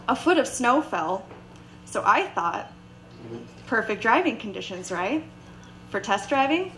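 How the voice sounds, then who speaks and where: A young woman telling a personal story live on stage, animated and acting out the quoted voices. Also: mid-range voice, slight background noise, low-quality recording. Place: bar stage before a live audience.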